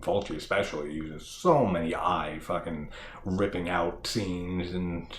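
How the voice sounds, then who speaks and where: A man with a very low voice talks through a horror film's plot as the host of his review channel. He rambles, laughs between thoughts and swears freely. The room sounds echoey, with a faint hum of noise behind him. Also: measured pace. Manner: rambling, heavy swearing, frequent laughter and filler words. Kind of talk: casual spoken film recap.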